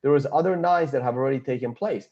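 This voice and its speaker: A man's voice: medium pitch, fast talker, highs cut off. A man giving blunt, confident market analysis, thinking aloud as he walks through a chart. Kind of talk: screen-share chart analysis.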